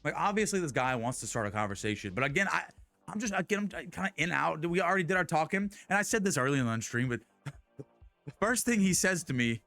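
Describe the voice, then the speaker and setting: Young guy streaming, rambling story, kinda high voice, faint music behind. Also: lively intonation, quick pace, vocal fry, bright, forceful tone, no room sound. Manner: rambling, many restarts and laughs. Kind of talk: casual storytelling chat.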